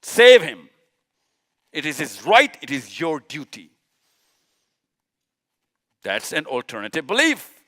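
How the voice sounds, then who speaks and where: With a mid-range voice and a sharp tone, a Pakistani man swings his pitch hugely while keeping a measured pace and pausing often. He is giving a heated religious lecture to a live audience, full of rhetorical questions and repeated points.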